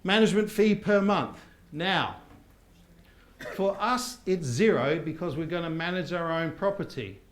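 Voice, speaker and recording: An upbeat property course trainer with a slightly high voice teaches a live seminar to an audience, unhurried and lively as he quizzes them in call-and-response. The echoey hall gives the recording a roomy sound.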